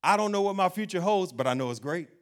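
A man preaching an animated sermon as pastor, acting out doubting voices and laughing along the way. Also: high voice, fast talker.

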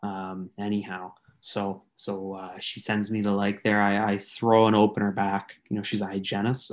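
A man co-hosting a casual podcast, joking and teasing, sometimes dropping into a hushed mock-sensual voice. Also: on the low side, little pitch movement, normal speed, few pauses. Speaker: podcast co-host.

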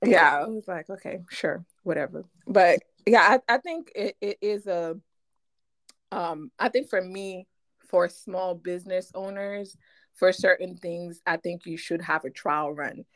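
A woman's voice: fairly low pitch, a little slow. Playful woman with a Haitian French accent. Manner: playful, expressive storyteller. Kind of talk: casual chat.

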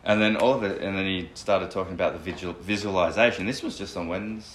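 A man's voice: low-pitched, fast, roomy sound, a little hiss or hum. A man co-hosting a podcast, chatting casually and retelling a conversation with lots of "I'm like.". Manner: relaxed, retells dialogue with many "I'm like". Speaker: podcast co-host. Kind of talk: casual chat, storytelling.

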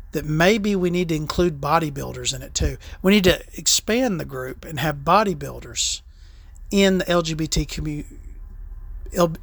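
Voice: mid-range voice, a bit bright, no echo. Rambling, profane podcast host. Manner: rambling, profane, tongue-in-cheek storytelling. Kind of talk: casual solo podcast chat.

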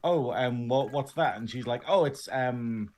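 A man co-hosting a casual podcast chat, telling animated stories, acting out quotes and laughing a lot. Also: medium pitch, a little slow. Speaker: podcast co-host.

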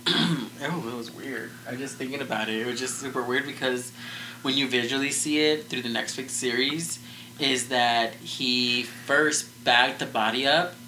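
A man talking through a crime case in loose, unscripted podcast chat, circling back with "like" and half-finished sentences. His voice has a bright, forward edge at an ordinary middle pitch. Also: a little hiss or hum, poor audio. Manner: rambling, full of "like" and restarts. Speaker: podcast co-host. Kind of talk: casual true-crime chat.

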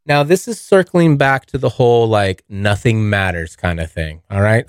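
A man's voice: lowish voice, animated, moderate pace, dry recording, clean studio sound. A young man hosting his own podcast, telling a long story in a rambling, casual way, swearing often and calling listeners dude. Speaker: podcast host.

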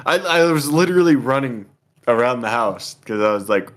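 A man's voice: medium pitch, moderate pace, fairly bright tone. A young man telling a rambling story in a casual chat. He is laid-back, swears a lot and laughs often. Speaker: podcast co-host telling a story.

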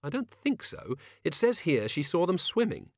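A man reading an audiobook, voicing a brisk young woman governess who gives orders impatiently. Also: a little high, sing-song, dry recording, studio quality, voice pushed up. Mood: matter-of-fact. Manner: commanding, impatient. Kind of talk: audiobook character voice.

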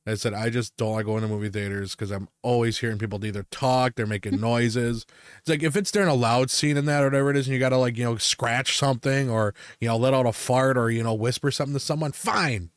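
Young man, mid-pitch, dry close sound, rambling cursing storyteller. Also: quick pace, hardly any pauses, no room sound. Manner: ranting storyteller, heavy swearing and fillers. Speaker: podcast co-host. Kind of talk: casual chat.

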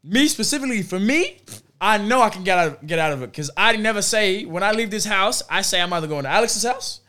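Young man, casual banter, teasing, high pitch, bright tone. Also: lively intonation, fairly quick. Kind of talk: casual chat.

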